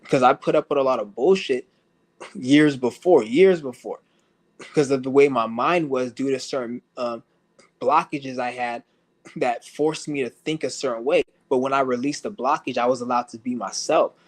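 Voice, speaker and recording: A man's voice: mid-range voice, fairly even intonation, moderate pace. A man ranting to his stream audience in a blunt, profane way, laughing often as he talks. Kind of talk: casual rant to camera. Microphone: streaming setup.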